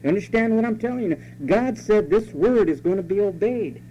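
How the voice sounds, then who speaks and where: A man's voice: sits high, expressive, a little fast, dark tone. A male pastor preaching a sermon emphatically, repeating key phrases and asking the congregation rhetorical questions. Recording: dull lo-fi sermon recording with faint hum.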